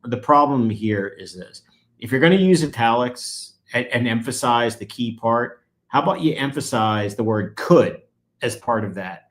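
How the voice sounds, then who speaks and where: A man's voice: medium pitch, animated, moderate pace. A man, a guest attorney, explaining legal procedure in conversation and growing emphatic when he presses a point.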